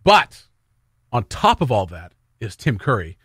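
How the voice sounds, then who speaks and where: A man with a bright, forceful tone talks eagerly on a morning radio show, explaining at length and laughing easily. His voice sits at an ordinary pitch, recorded close and dry in a studio. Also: huge pitch swings, unhurried, slightly rough, dry recording. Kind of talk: casual morning radio banter.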